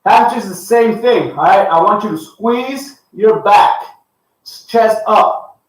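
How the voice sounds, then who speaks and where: A fitness coach leading a live workout, counting reps aloud and giving upbeat cues. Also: male voice, high voice, takes it slowly. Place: home workout space with a dog. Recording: echoey room, far from the mic.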